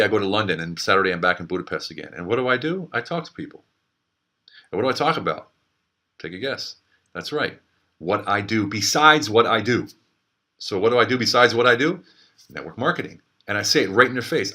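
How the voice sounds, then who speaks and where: A man's voice: lowish voice, fairly quick, pushed and bright. A middle-aged man in a recorded video message, talking about network marketing in an emphatic, motivational way, often restarting and repeating words. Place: Zagreb.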